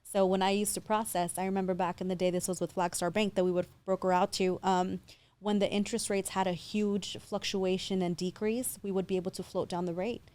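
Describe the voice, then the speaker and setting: A woman's voice: mid-range voice, level tone, a little fast, a little mellow. A woman in her thirties from San Diego, a guest explaining her work in a confident, fluent way. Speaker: guest, loan officer. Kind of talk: casual interview.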